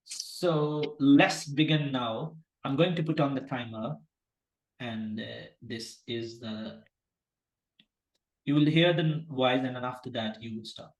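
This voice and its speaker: A man's voice: mid-range voice, slow pace, reverberant, poor audio. Man tutor giving class instructions. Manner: loose, informal phrasing. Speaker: medical exam tutor.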